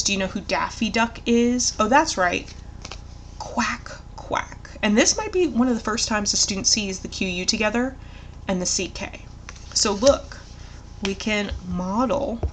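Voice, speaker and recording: A woman tutor explaining a literacy lesson in an encouraging way, asking leading questions and modeling words slowly. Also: mid-range voice, a little hiss or hum. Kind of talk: instructional tutorial.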